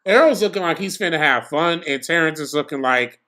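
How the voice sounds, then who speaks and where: A young man giving casual, slangy live commentary on a boxing match for his stream, excitable and prone to bursts of shouting. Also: a little high, a little fast.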